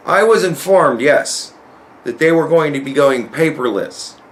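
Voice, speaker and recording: A young man telling a profane, animated story to camera in a casual rant, his voice climbing when he relives his anger. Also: a little high, measured pace. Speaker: vlogger.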